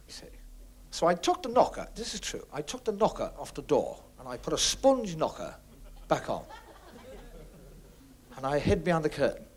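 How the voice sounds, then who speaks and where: Male stand-up, high and very animated voice, 1970s TV comedy set. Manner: lively punchline delivery, animated. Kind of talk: stand-up joke telling. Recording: 1970s television studio recording.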